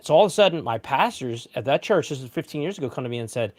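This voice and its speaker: This pastor in his thirties talks rapid-fire in a mid-range voice, telling a personal story during a casual panel discussion. He animatedly acts out quotes as he goes.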